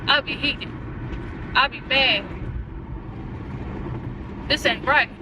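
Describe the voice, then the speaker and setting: A young woman vlogging in her car, ranting in an animated, exasperated way with lots of slang. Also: high-pitched, takes it slowly, long pauses, distant mic, background noise. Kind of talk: casual chat.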